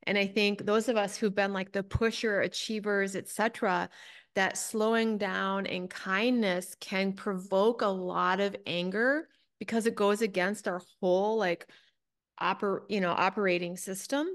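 A woman hosts an interview in a lively, chatty way. She laughs easily and sometimes plays out her own reactions, and her voice sits at an ordinary middle pitch. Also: unhurried. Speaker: podcast host. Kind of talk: conversational interview.

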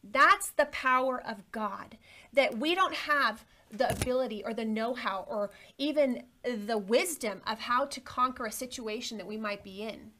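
A woman's voice: a little high, normal speed, bright, forceful tone. A woman on a Christian talk show, preaching fervently and speaking straight to the viewer.

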